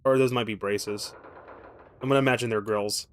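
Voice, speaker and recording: A man's voice: fairly low pitch, steady tone, moderate pace, a little hiss or hum. A man streaming a game, thinking aloud with casual commentary that rambles, swears freely and slips in wry, self-mocking asides.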